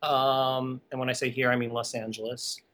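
A man speaking as a guest on a podcast interview, an animated storyteller who laughs often and drifts into asides. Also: medium pitch, normal speed. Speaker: guest, animation art conservation director.

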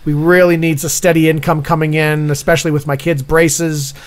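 A man's voice: on the high side, flat delivery, fairly quick, lightly acted. A man playing a petty call review supervisor. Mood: deadpan. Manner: rambling, hesitant, full of 'uh'. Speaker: improviser. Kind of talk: improv comedy scene.

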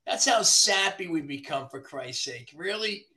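A man, a body shop owner from the New Jersey area, ranting in casual podcast chat, profane and animated. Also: on the high side, unhurried.

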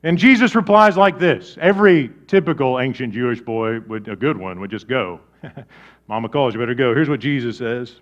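A man preaching a sermon as pastor, conversational and animated, swinging between loud bursts and soft, low asides. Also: moderate pace, dull audio.

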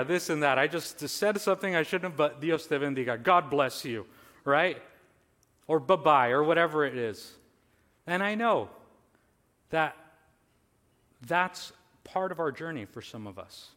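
A man's voice: on the high side, a bit bright, in a large hall. A man preaching a sermon earnestly, his voice swelling on lists, with casual fillers and restarts. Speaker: pastor.

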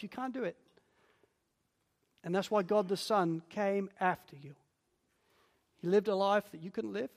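A man preaching a sermon as a pastor, earnest and pleading, sinking to a hush on key lines. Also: high voice. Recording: long church reverb.

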